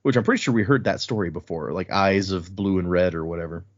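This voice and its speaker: A man's voice: low-pitched, fast, highs cut off. A man co-hosting a podcast, casually and animatedly retelling book chapters with chuckles and loose fillers. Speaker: podcast co-host.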